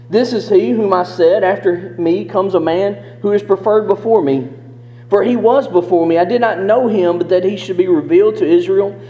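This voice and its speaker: A man preaching a sermon, reading scripture and explaining it in an earnest, emphatic way, slowing down on key verses. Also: high-pitched, dark tone. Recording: echoey hall with long reverb.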